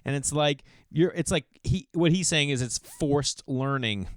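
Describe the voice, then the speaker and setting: A man's voice: on the high side, normal speed, dry recording. Middle-aged man, podcast host, rambling comedic storytelling, resonant voice, dry close mic. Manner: loose, digressive, comedic storytelling. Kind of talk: rambling solo podcast monologue.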